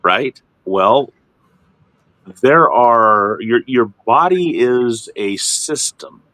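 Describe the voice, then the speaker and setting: A middle-aged man hosting a casual ministry chat, explaining in a lively, halting way with frequent restarts. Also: dry recording. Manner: animated, repeats and restarts words, jumps into high mock voices. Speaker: ministry host.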